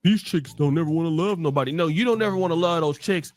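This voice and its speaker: Man, show host, high voice, emphatic, stammering repeats, dry sound. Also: fast, darkish tone, dry recording. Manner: emphatic, repeats words when fired up. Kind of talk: animated casual commentary.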